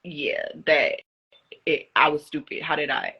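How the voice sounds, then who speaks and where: A young woman in casual live-stream chat, answering fan questions about being a reality show contestant, talking in an animated way with many fillers. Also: low-pitched, a little slow, creaky, lo-fi sound. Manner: chatty, animated, lots of "like" fillers. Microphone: phone.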